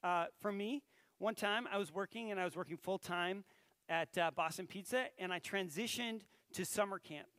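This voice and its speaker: A high-voiced man preaches in a relaxed, conversational way, turning to his listeners with questions as he tells a story. The recording is dry and close. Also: normal speed, no echo. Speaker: pastor. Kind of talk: sermon.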